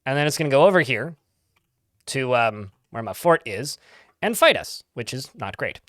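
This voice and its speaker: Chatty man streaming a game, lively. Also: medium pitch, normal speed, no room sound, studio quality. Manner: chatty, rambling, laughs easily. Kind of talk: casual live-stream commentary.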